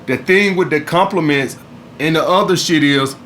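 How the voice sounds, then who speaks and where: Blunt, profane man with a bright voice. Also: fairly high pitch, normal speed, a little hiss or hum. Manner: blunt and profane, keeps addressing "guys". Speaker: dating advice channel host. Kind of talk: casual vlog monologue.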